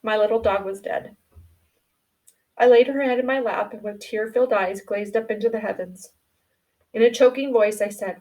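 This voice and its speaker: A woman reading a novel aloud in a quiet, subdued storytelling manner. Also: fairly high pitch, moderate pace, distant mic. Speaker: audiobook reader.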